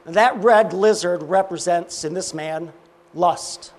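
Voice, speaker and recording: A man preaching, telling a parable and acting out its dialogue, often dropping low and quiet. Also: slow pace. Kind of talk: sermon storytelling.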